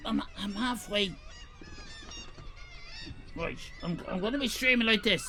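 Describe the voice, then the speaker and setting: An Irish man livestreaming, shouting and swearing in a comic rant. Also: sits high, a little slow, long pauses, a little hiss or hum. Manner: loud, profane ranting and shouting; comic exasperation. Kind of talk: live stream chat.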